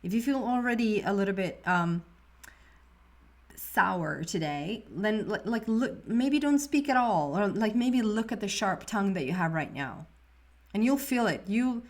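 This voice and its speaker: A woman giving a monthly tarot reading in a soft, meandering way, often trailing off and restarting her sentences. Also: medium pitch, expressive, measured pace. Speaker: tarot reader.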